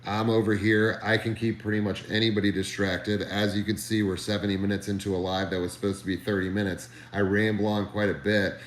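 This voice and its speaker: A man on a live stream telling a comedic story, animated, ranting and swearing freely. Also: lowish voice, a little fast, hardly any pauses, roomy sound.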